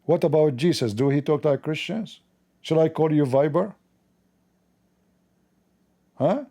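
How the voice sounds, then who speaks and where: A middle-aged man hosts a livestream and fires back at his chat with mockery and open challenges. His voice is gravelly, sits a bit high for a man, and has a dark tone. His English is non-native, with loose grammar. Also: measured pace. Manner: mocking, sarcastic, confrontational. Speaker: livestream host. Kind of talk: combative livestream commentary answering chat.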